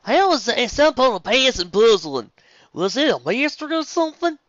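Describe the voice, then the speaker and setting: A man's voice: very high-pitched, sing-song, a little fast, a bit bright, dry recording, pitched above the performer's own voice, full character voice. A man doing a folksy farm mare with a drawl. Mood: amazed. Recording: dull lo-fi, dry.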